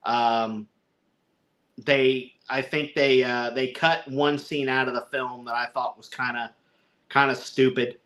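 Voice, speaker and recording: A man's voice: mid-range voice, steady tone, slow pace, fairly bright tone. A man co-hosting a casual film review chat, rambling, chuckling and acting out lines in little voices. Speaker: podcast co-host reviewing a film.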